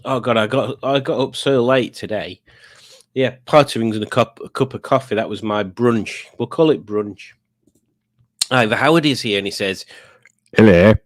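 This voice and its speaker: A man's voice: mid-range voice, normal speed. A middle-aged man chatting on a home live stream, rambling and poking fun at himself. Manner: rambling, chatty and self-mocking. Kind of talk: casual live stream chat.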